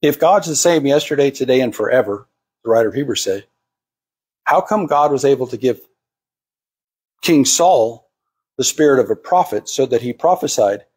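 A man's voice: mid-range voice, expressive, moderate pace, long pauses, a little mellow, husky. A man preaching to a congregation, acting out the voices of the people he quotes. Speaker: pastor. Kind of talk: sermon.

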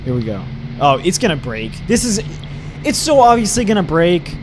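A young man losing his voice, panicking, yelling and cursing while commentating on a horror game. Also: high voice, very animated, normal speed, over music, low-quality recording. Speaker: gaming let's play host.

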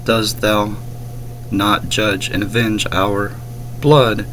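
A man's voice: fairly low pitch, little pitch movement, very slow, fairly bright tone, a little hiss or hum, rough recording. A man reading King James verses aloud and scornfully rebutting a preacher's clip. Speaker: commentator reacting to a sermon clip.

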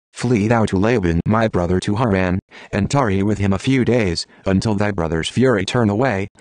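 A synthetic male text-to-speech voice reading scripture in an even, measured way. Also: lowish voice, dry recording. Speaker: Bible reader.

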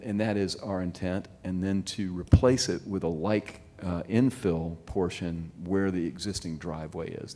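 A man presenting a site plan at a city review meeting, halting with many fillers and restarts. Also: low voice, warm tone, a little hiss or hum. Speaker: project presenter. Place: city meeting, remote or chamber.

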